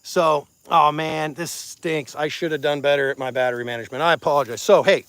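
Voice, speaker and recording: Missouri rancher guy livestreaming from the pasture on his phone, folksy and chatty, kinda high voice, dry sound. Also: fairly even intonation, fairly quick, fairly bright tone, clear, resonant tone, dry recording. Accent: Missouri Ozarks. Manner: folksy, plainspoken, chatty with viewers. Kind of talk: casual outdoor livestream talk. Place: outdoors on a pasture. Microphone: phone on a selfie stick.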